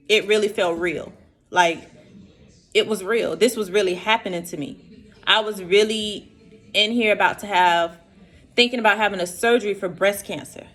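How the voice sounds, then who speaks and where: A woman's voice: medium pitch, a bit bright. Earnest young woman vlogging. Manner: earnest, emotional, addresses viewers directly. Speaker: vlogger sharing her diagnosis. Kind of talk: personal vlog story.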